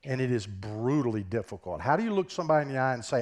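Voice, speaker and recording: A man with a Southern US accent, speaking as a business professor, delivers a conference keynote into a stage microphone. His medium-pitched voice swings widely in pitch, and he talks quickly with hardly any pauses. His tone is conversational, and he keeps checking in with the audience through rhetorical questions.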